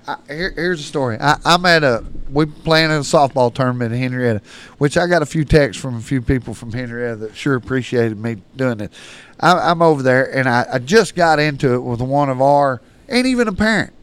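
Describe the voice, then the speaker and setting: A man's voice: mid-range voice, a little fast, clean tone. A man telling blunt, profane stories in casual chat, acting out both sides of old arguments. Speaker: podcast guest. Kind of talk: casual storytelling.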